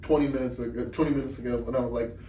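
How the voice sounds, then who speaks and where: A man's voice: medium pitch, steady tone, rapid-fire, mellow. A young man as a guest on a student podcast, talking loosely with lots of slang. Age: young adult. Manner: laid-back, loose slangy talk, "dude" and "man" often. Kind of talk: casual chat. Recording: roomy sound, mic at a distance, faint noise.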